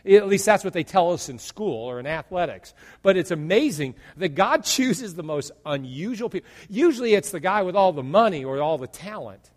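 A male pastor preaching a sermon in an animated way, acting out imagined dialogue and jokes. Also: high-pitched, normal speed, few pauses, big-room sound.

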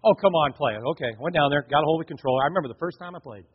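Rapid-fire and high-pitched with a breathy edge, a middle-aged pastor preaches through family stories, animatedly imitating his wife and children. A reverberant hall and dull, lo-fi recording color the sound.

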